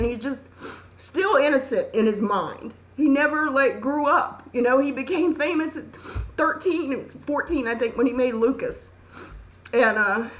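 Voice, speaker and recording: Middle-aged woman, channel host, fairly high voice, emphatic and preachy, scolds the audience. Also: fairly bright tone. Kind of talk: impassioned talk to camera.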